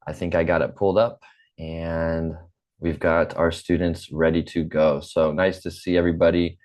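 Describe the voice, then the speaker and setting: This American man in his forties has a General American accent and a low, slightly mellow voice that barely rises or falls. He's teaching English online through a computer microphone on a video call, speaking slowly, patiently, and repeating himself.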